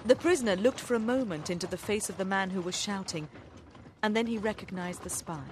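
A woman narrating an audiobook in a measured, even way. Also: medium pitch, background noise. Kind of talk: audiobook reading.

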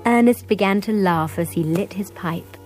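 A woman narrating a scripted story in a measured, clear way. Her pitch sits mid-range, with faint music playing behind her. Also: a little mellow, low-quality recording.

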